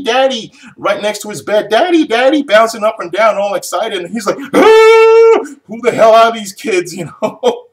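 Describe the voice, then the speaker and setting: A man's voice: on the high side, fairly bright tone. A man casually recapping a TV episode for a review video, rambling, chuckling and restarting sentences. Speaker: TV show reviewer.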